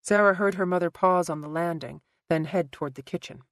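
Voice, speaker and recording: A woman reads scripted narration for a thriller audiobook, telling the story in a measured, even manner. Her voice is fairly low, and there is no echo.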